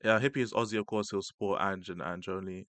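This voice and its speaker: A man's voice: deep voice, quick pace, dry recording. Slangy man on a dry mic. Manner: laughs often, slangy, excitable asides. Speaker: streamer reacting to a debate. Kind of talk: casual live-stream commentary.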